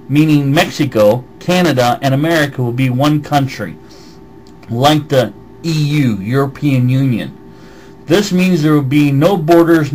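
A man's voice: on the high side, darkish tone, a little hiss or hum, poor audio. A man with a slight Southern American accent, ranting on a vlog and reading out comments in a heated, swearing voice. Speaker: vlogger. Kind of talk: angry vlog rant answering comments.

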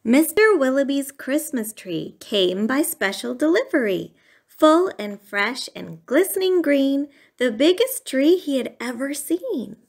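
A woman reading a rhyming bedtime storybook aloud in a sing-song way. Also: sits high.

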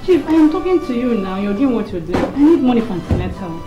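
A woman's voice: a little high, big pitch swings, fast talker, lo-fi sound. An actress with a Nigerian accent playing a young wife who keeps begging her husband for money. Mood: pleading. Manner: pleading, repetitive begging. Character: desperate pleading young wife. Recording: echoey room from far off, with music.

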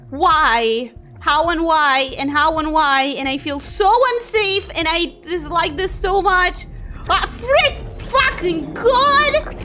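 A woman streaming a game, reacting excitably, swearing freely and answering her chat. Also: very high-pitched. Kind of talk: live gameplay commentary with chat replies.

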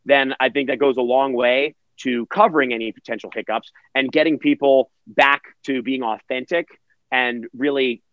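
A man's voice: mid-range voice, steady tone, moderate pace, dry recording, dull audio. A man who works as a virtual event host, answering interview questions energetically and acting out quotes in other voices.

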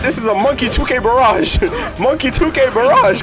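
A young man streaming a video game, reacting with excitable jokes, casual commentary and sudden loud outbursts. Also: high-pitched, moderate pace. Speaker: gaming streamer. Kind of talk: casual let's-play commentary. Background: game music.

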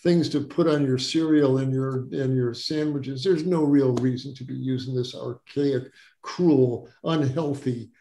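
A man's voice: mid-range voice, fairly even intonation, measured pace, warm tone, roomy sound. An older man from Wisconsin, a doctor being interviewed, telling his story earnestly and stressing words by repeating them. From Wisconsin, USA. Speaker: guest doctor.

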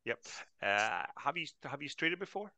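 A man's voice: fairly high pitch, very animated, normal speed, sharp tone, no echo. A man hosting a live online trading class over a video call, chatty and greeting each attendee by name.

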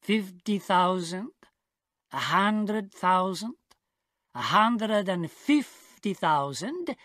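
A woman voicing a smug, gloating tall policeman who taunts slowly, in a story read for English learners. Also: medium pitch, lively intonation, a bit bright, dry recording, clean studio sound.

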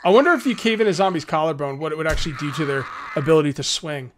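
A man's voice: fairly high pitch, rapid-fire, a little hiss or hum. A man hosting a let's play, giving casual gameplay commentary and taunting enemies as he goes. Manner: excitable, jokey, taunts enemies.

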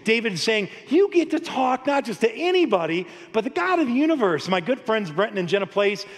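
A male pastor with a high, light voice preaches an animated, story-driven sermon. He chuckles through his anecdotes and keeps the tone casual. The sound rings out in a large, reverberant sanctuary. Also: brisk. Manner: animated, storytelling, laughs often. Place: church sanctuary. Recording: long hall reverb.

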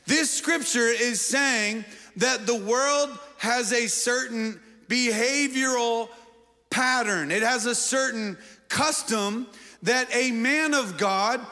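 Bright, high-voiced playful male pastor. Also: slow. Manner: playful, jokes and quizzes the congregation. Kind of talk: sermon. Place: large church auditorium. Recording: long church-hall reverb.

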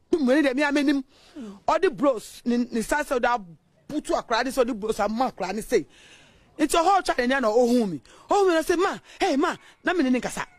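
A woman neighbor telling an interviewer in a lively way what she witnessed, acting out the voices she quotes. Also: a little high, no echo. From Ghana. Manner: animated storytelling, acts out quoted voices. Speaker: neighbor giving witness account. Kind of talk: interview account in Twi.

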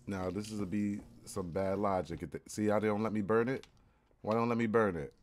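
A man's voice: lowish voice, steady tone, fairly quick, slight background noise. A man hosting a let's-play, commenting casually with slang and frequent swearing. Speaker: gaming channel host.

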